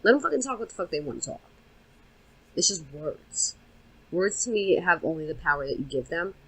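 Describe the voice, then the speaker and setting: A woman's voice: lowish voice, very animated, a little fast, a bit bright, breathy edge, rough recording. A woman co-hosting a podcast in casual chat, blunt and swearing a lot. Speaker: podcast co-host.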